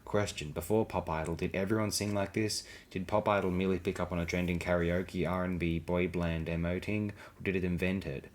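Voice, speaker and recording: A man's voice: low-pitched, level tone, brisk, hardly any pauses. A man reading blog posts aloud as an audiobook, with a dry, sardonic delivery. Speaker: audiobook reader.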